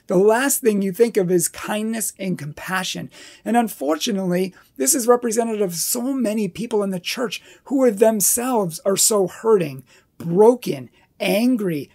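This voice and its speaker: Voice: medium pitch, creaky, darkish tone. A Catholic speaker telling a personal testimony in an earnest, emphatic way, building up repeated phrases.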